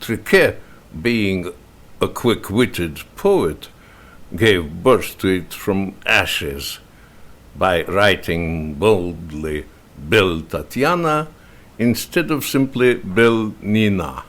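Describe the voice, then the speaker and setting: A man whose first language is Russian, reading a novel in verse aloud in a slow, measured way with pauses between phrases. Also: deep voice, expressive, a bit bright. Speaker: reader and translator.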